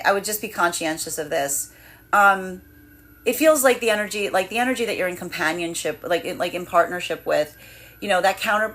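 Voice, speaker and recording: A woman's voice: mid-range voice, fairly bright tone. A woman giving a live tarot reading in a rambling, chatty way, full of fillers and frequent laughs. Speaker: tarot reader.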